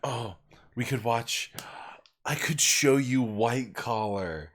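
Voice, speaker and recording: A man's voice: medium pitch, slow pace, a bit bright. A man chatting casually as a co-player, rambling and hesitant with a wry sense of humor. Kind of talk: casual chat over a game.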